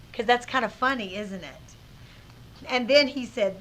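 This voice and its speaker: A woman teacher giving a reading lesson to children, reading aloud expressively with dramatic pauses. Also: a little high, fairly bright tone.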